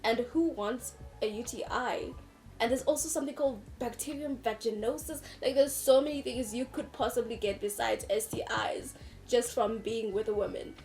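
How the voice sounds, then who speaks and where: A young woman with a fairly high voice explains things in a casual co-host chat. She slips in playful, dry jokes as she goes, and faint music plays behind her. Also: normal speed, mellow. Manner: playful, dry asides, coins jokey terms.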